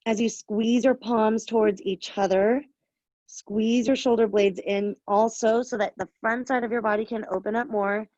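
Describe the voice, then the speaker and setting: A woman leading a yoga class, giving firm, steady cues with bits of encouragement. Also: on the high side, moderate pace, dry recording, muffled recording. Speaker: yoga instructor. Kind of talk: live class instruction.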